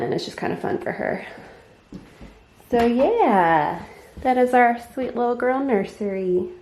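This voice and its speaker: Chatty young mom vlogger in an echoey room. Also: female voice, mid-range voice, a little mellow. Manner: chatty, upbeat, filler-heavy. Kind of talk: casual home vlog narration. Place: home nursery and kitchen.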